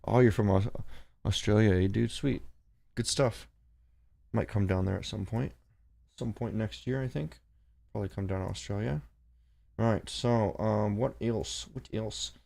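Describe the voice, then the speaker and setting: A man's voice: lowish voice, unhurried, creaky, pauses often, mellow. A man hosting a casual trading livestream, rambling and swearing as he reads charts and shoos his cat. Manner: rambling, profane, talks to his cat and chat. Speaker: forex trading livestream host. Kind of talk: casual live-stream commentary.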